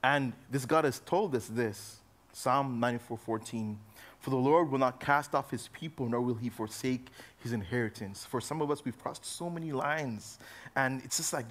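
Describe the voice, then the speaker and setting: A young adult man giving a youth sermon in a casual, conversational way, full of fillers, moving between loud emphasis and soft low asides. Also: normal speed. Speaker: youth pastor.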